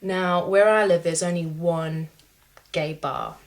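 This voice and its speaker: A woman's voice: fairly low pitch, steady tone, takes it slowly. Chatty woman telling a story. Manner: chatty, rambling with many fillers. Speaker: vlogger. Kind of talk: casual storytelling to camera.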